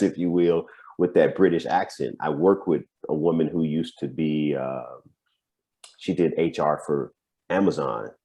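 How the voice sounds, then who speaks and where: A man's voice: rumbling low, dark tone. A man, a coach, chatting casually over a video call, musing and laughing between points. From United States.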